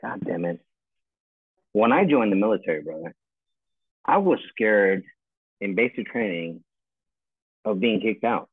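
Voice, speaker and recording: A man's voice: lowish voice, expressive, measured pace, long pauses, breathy edge, no echo. A man in his forties, a retired army first sergeant, ranting bluntly and with plenty of swearing in casual chat over a call from home. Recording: tinny phone-like call line.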